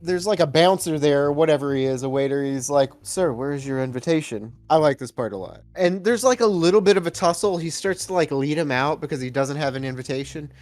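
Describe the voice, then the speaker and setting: Playful podcast man, somewhat high voice. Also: a little mellow, no echo. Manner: playful storytelling with quick jokes. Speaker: podcast co-host. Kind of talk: casual movie recap chat.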